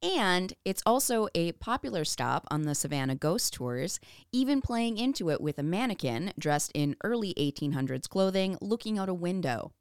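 A woman's voice: on the low side, sing-song, moderate pace, smooth, dry recording, clean studio sound. A woman co-hosting a podcast, reading researched history with casual asides and frequent laughs. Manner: laughs often, reads notes with asides. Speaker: podcast co-host.

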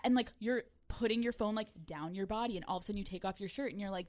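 A young woman hosting a podcast in casual chat, blunt and excitable with quick reactions. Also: mid-range voice. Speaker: podcast host.

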